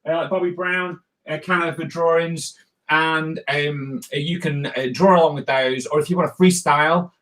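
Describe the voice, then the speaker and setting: A man's voice: on the high side, a little slow, a bit bright. Chatty man rambling through a drawing lesson. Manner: rambling, chatty, many fillers and restarts. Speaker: cartoonist teaching drawing. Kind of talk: casual live drawing tutorial.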